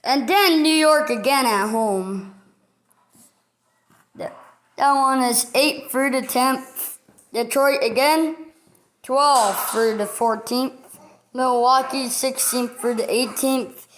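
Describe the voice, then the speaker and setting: A woman hosts a casual sports news rundown, reading a schedule item by item. She speaks slowly with a somewhat high voice. Her delivery is halting and list-like. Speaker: sports video host.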